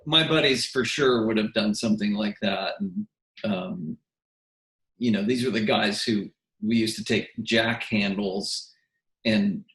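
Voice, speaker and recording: A musician on an interview shares casual stories in a voice on the low side, a bit bright, at a measured pace. He's animated, acts out what people said, and often restarts mid-sentence. The recording has an echoey room sound.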